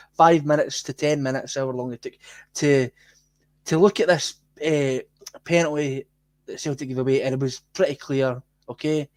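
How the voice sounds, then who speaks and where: A man's voice: medium pitch, no echo. Indignant Scottish man, dry close sound. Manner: indignant, swearing, laughs in disbelief. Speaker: podcast co-host. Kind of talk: heated fan podcast discussion.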